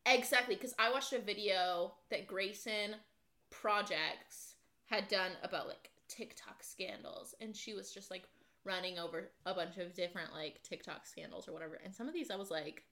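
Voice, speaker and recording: Bright-voiced chatty young woman. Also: mid-range voice, moderate pace. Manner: chatty storyteller, many "like" fillers, acts out quotes. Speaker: podcast co-host. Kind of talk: casual chat.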